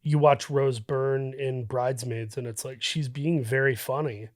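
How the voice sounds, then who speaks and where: A man, a guest on a podcast, speaking reflectively with many pauses and restarts. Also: mid-range voice, fairly even intonation, no room sound, clean studio sound. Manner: thoughtful, halting with fillers and restarts. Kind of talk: reflective casual conversation.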